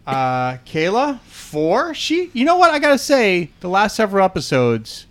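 A man hosting a casual podcast, talking in a relaxed, halting way with many fillers. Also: sits high. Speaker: podcast host and DM.

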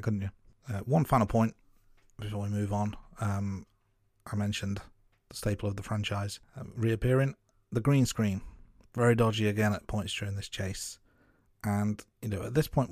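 A man co-hosting a relaxed film review chat. His voice sits a little low and sounds dry and close. He talks thoughtfully and stops often to restart a phrase. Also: dry recording. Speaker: film review podcast co-host. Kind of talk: casual film discussion.

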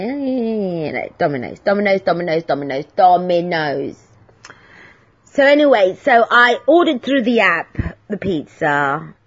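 A woman's voice: on the low side, breathy edge, highs cut off. A woman hosting her own podcast, telling stories in a casual, chatty way and acting out the voices of people she met. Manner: chatty storyteller, acts out voices in dialogue. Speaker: podcast host. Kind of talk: casual solo podcast monologue.

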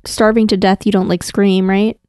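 A woman's voice: mid-range voice, level tone, moderate pace, a little mellow, smooth, dry recording, clean studio sound. A woman co-hosting a casual podcast chat, chatty and skeptical, laughing often. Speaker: podcast co-host.

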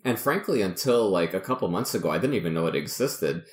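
A man's voice: low voice, expressive, quick pace, echoey room. A man co-hosting a podcast, joking and upbeat in casual chat. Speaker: podcast co-host.

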